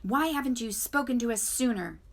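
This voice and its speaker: A woman's voice: fairly high pitch, animated, fairly quick, voice pushed up. A woman voicing a pompous male owl who announces news to a crowd of animals, reading a children's book aloud. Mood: screeching. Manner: raised, announcing, screeches when alarmed. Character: pompous male owl, alarmed town crier.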